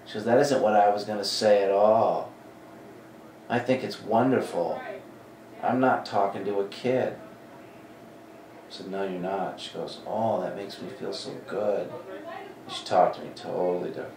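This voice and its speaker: Animated man in his forties telling stories. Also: fairly low pitch, moderate pace, pauses often, slight background noise. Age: 40s. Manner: animated, acts out quoted dialogue. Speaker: comedy club talent coordinator. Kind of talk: casual interview storytelling. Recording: echoey room, mic at a distance.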